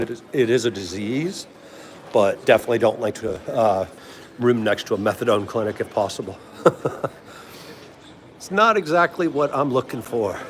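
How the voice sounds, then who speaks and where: A middle-aged man with a DC accent, chatting casually on a livestream in a rambling way, laughing often and answering viewer comments. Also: medium pitch. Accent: DC area. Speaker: livestream host.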